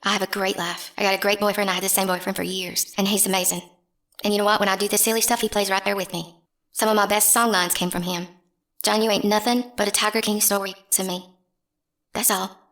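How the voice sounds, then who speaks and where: A woman's voice: medium pitch, little pitch movement, quick pace, fairly bright tone. A young woman, ranting bluntly and scornfully in a casual vlog. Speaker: channel host.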